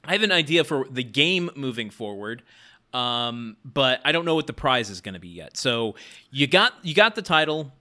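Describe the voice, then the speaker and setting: A man hosting a casual podcast, reading off credits and running a little trivia game with a wry, laughing manner. His voice is bright and forceful at a middle pitch. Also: sing-song, normal speed. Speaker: podcast host.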